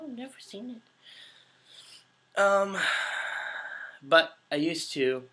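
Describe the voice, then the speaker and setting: A man's voice: high-pitched, very animated, extremely slow, long pauses, sharp tone. A man in his twenties, a voice actor, rambling through a casual Q&A with giggles and self-deprecating jokes, his voice a little under the weather. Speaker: voice actor hosting a Q&A. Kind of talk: casual livestream Q&A.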